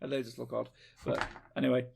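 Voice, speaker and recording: A man co-hosting a podcast, talking in an excitable, chatty way with jokey asides. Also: medium pitch, quick pace, vocal fry, slight background noise. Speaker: podcast co-host. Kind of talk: casual chat.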